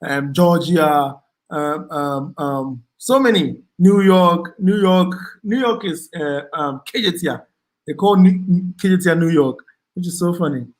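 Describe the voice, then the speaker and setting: A Ghanaian man hosting a casual livestream, reading out viewer comments and thanking them, with frequent ums and repeated words. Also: on the high side. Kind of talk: casual live chat.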